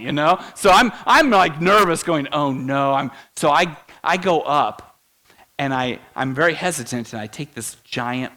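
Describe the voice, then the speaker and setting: A man's voice: a little high, bright, forceful tone. A young man preaching, telling a funny personal story and laughing at himself. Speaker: pastor.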